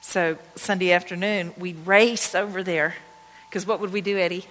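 A woman pastor telling personal stories in a conversational, excited sermon to her congregation. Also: on the low side, moderate pace. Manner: conversational, anecdotal, excited retelling. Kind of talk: storytelling sermon. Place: church sanctuary. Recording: long church-hall reverb.

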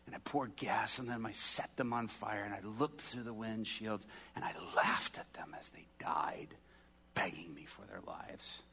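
A man voicing a gravelly, hushed hardened inmate. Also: exaggerated voice. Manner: low, hushed confession dropping to a whisper. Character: hardened male prison inmate, cold and violent.

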